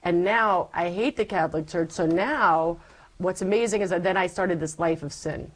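A woman as an interview guest, giving a personal faith testimony as a lively storyteller who acts out her past self. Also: on the low side, normal speed, rough recording.

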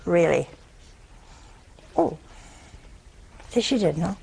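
Gravelly-voiced woman giving a religious talk. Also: mid-range voice, expressive, normal speed, a little mellow, low-quality recording. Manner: storytelling, humorous asides. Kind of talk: spoken religious talk with anecdotes.

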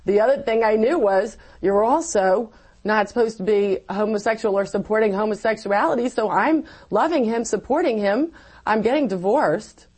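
A woman giving a personal faith testimony as an interview guest, telling her story in an animated way and acting out her own past words. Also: mid-range voice, moderate pace, breathy edge, rough recording.

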